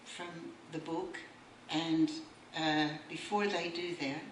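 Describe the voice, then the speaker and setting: A woman reads a poem aloud and delivers a wry speech at a book launch, her low-pitched voice steady and slow. The sound comes from a distance in an echoey bookshop room, with faint noise.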